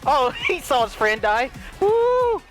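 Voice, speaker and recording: A man's voice: extremely high pitch, huge pitch swings, very slow, creaky, over loud music, low-quality recording. A young man giggling and wheezing nonstop through gameplay commentary, taunting the other players. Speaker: gamer.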